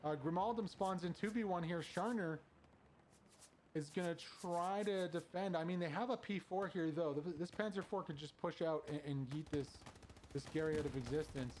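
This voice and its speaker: A man casting a competitive online shooter match as play-by-play commentator, quick and conversational, climbing in pitch when the action heats up. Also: slight background noise. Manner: excited, rising sharply at big plays. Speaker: shoutcaster.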